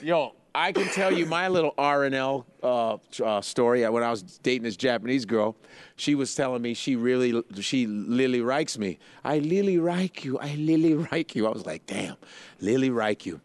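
A man's voice: mid-range voice, normal speed, dry recording. A man co-hosting a comedy podcast, trading crude jokes and telling stories with lots of laughter. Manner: joking, laughs a lot, tells stories. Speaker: podcast co-host. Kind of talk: crude casual comedy banter.

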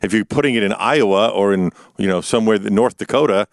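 A man from Brooklyn fires off blunt opinions in a casual chat. He talks fast in a lowish voice. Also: gravelly, no echo, studio quality. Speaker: co-host.

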